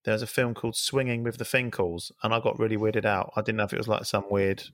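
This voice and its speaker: A man's voice: on the low side, steady tone, quick pace, a bit bright, no room sound. Male co-host, wry joker, dry close sound. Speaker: podcast co-host. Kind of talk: casual football podcast chat.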